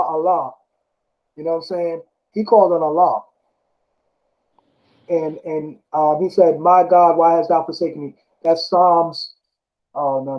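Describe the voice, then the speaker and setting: Casting note: high-voiced man, rambling scripture talk, dull lo-fi sound. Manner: rambling, self-correcting, often asks "you know what I'm saying?". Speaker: speaker discussing scripture. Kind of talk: casual religious talk, reading verses aloud. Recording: dull lo-fi recording.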